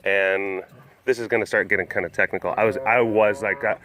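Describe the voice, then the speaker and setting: A man's voice: lowish voice, fairly even intonation, fairly quick, a bit bright. A man hosting his own vlog in a loose, rambling chat, often restarting sentences and laughing. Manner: rambling, self-interrupting, laughs easily. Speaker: vlog host. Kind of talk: casual chat to camera.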